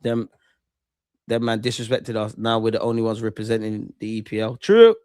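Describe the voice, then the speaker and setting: A man's voice: on the low side, moderate pace, a little mellow, clear, resonant tone, no room sound, clean studio sound. A young man, a streamer ranting and mocking rival fans in slang-heavy banter during a live football watch-along. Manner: brash, mocking rants with London slang.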